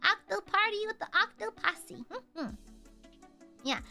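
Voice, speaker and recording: A woman's voice: very high voice, animated, unhurried, long pauses, soft background music. A woman streamer chatting casually and playfully with her chat, a slight Southern accent, and a lingering cough. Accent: slight American Southern. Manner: playful, teasing, bursts into shouting.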